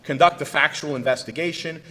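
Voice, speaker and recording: A man's voice: a little high, fairly quick, sharp tone, low-quality recording. A middle-aged man, a trial lawyer from the United States, giving a conference presentation in a folksy, punchy manner and talking straight to the audience.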